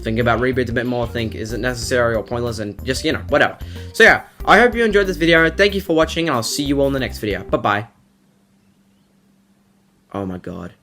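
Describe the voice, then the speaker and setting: A man's voice: mid-range voice, fast, pushed and bright, soft background music. A man talking casually to his viewers in a vlog, rambling with lots of filler words and mock-dramatic build-ups. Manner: rambling, heavy on "like" and "um". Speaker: YouTuber.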